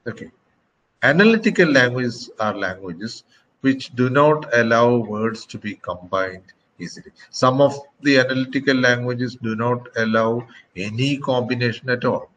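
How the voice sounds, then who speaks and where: Man lecturing slowly, checking in often. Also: medium pitch, a bit bright, poor audio. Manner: slow, deliberate, frequent "okay" and "uh". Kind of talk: classroom lecture.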